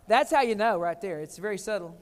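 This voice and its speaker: The echo of a large hall carries a high-pitched, animated, brisk male voice. An older American, he's giving a keynote built on funny personal stories told in punchy bursts.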